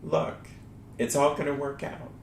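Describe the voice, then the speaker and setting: A man quoting a loving friend who calmly reassures him, in a slightly higher voice. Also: unhurried, creaky. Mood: reassuring. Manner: calm, soothing reassurance. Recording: echoey room with faint rumble.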